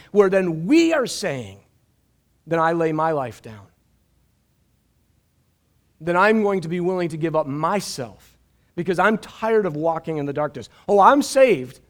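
A middle-aged man preaches from a church stage in a fairly high voice. He is animated, stumbles over repeated words and drops jokey asides between points of the sermon. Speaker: pastor. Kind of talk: live-streamed sermon.

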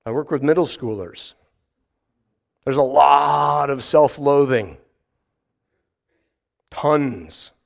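A man preaching a sermon in an animated way, acting out mock voices and firing rhetorical questions. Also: medium pitch, takes it slowly, creaky, pauses often.

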